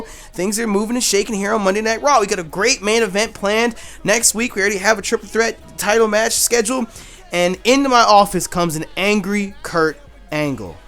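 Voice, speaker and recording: A man hosting a gaming stream, talking casually in slang, repeating himself and hyping up every moment. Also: high-pitched. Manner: animated, slangy, repeats himself, hypes things up. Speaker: gaming channel host. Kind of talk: casual gaming commentary with playful role-play.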